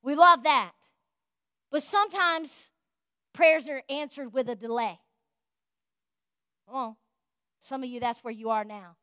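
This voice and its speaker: Fervent high-voiced woman preaching. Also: unhurried, pauses often, smooth, no room sound, studio quality. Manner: fervent, folksy preaching, swings from loud exhortation to soft confiding. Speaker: pastor. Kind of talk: sermon. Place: church.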